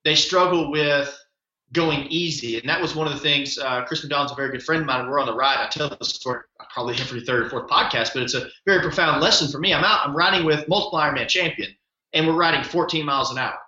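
A man's voice: fairly high pitch, fast talker. A man hosting a podcast, enthusiastic and rambling, telling stories and asking long questions. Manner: enthusiastic, rambling, animated storytelling. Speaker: podcast host. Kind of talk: casual podcast chat. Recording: echoey lo-fi room.

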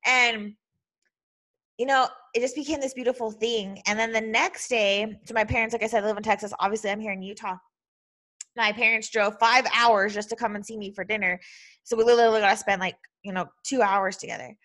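A woman's voice: on the high side, steady tone, brisk, a bit bright. A woman hosting a podcast, telling a personal story in a heartfelt, emotional way and saying "like" constantly. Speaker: podcast host.

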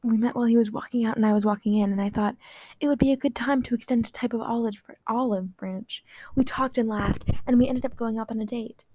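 A woman voicing a calm, gentle young gay male vampire, putting on a wobbly British accent and stumbling over the words as she reads. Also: on the high side, no echo, muffled recording, lightly acted. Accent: put-on British. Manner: halting, stumbling reading.

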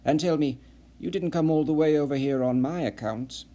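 A seasoned, shrewd spy who picks his words with dry, pointed care, as a male narrator plays him. His voice is dark and mellow, at the narrator's own everyday pitch. He sounds steady and probing. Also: moderate pace, natural voice. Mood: wry.

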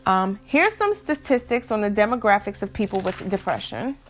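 A woman's voice: medium pitch, very animated, normal speed, a little hiss or hum. Young woman vlogging with hiccups. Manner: candid, talks straight to viewers. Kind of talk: casual talk to camera.

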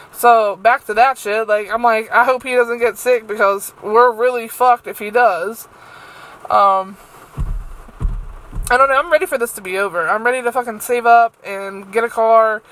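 A woman's voice: fairly high pitch, a bit bright, low-quality recording. A young woman hosting a solo podcast, rambling and swearing freely with lots of fillers. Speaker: podcast host.

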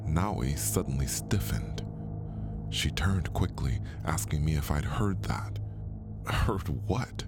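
A man narrating a mystery story in a slow, hushed way, sometimes dropping to a whisper, over faint music. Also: extremely low pitch. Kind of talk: scripted audio drama narration.

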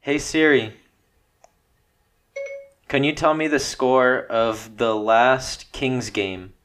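A man's voice: medium pitch, steady tone, slow, a bit bright, slight background noise. A young man in a casual podcast chat, laid-back, dropping brief dry remarks.

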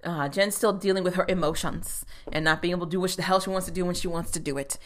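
A woman's voice: on the low side, fairly even intonation, quick pace. Blunt, profane woman recapping a show. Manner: blunt, swears freely, laughs as she retells scenes. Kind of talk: casual episode recap.

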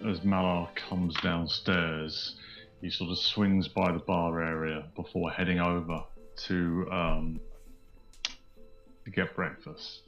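A man's voice: low-pitched, level tone, slow pace, a bit bright, lo-fi sound, faint music behind. A man playing in a tabletop game, casually describing his character's actions. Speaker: player.

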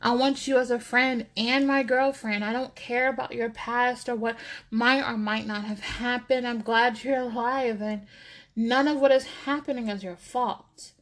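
A caring young man in a storybook speaks gently and reassuringly, as a woman reads him. The voice sits a little high and stays calm and close. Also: unhurried, close to an everyday voice.

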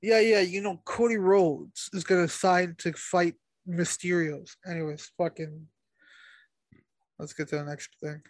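Male co-host, high-pitched, relaxed, short profane replies, dry close sound. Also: a little slow, no room sound. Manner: laid-back, brief replies, profane. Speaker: podcast co-host. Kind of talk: casual wrestling podcast chat.

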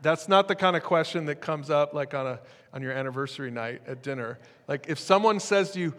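A man preaching a sermon as pastor, in a lively, conversational way with jokes. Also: on the high side, fairly quick, in a large hall.

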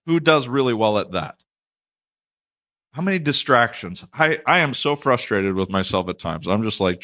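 A man's voice: fairly low pitch, sing-song, moderate pace, bright, forceful tone. A man preaching a sermon, reading scripture aloud and breaking off into conversational, self-deprecating asides. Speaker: pastor.

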